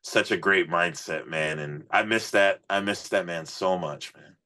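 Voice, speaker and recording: A man, a rock musician guest, telling road stories in a casual, swearing, animated way on a podcast. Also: low-pitched, measured pace. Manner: profane, animated storyteller. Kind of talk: casual storytelling interview.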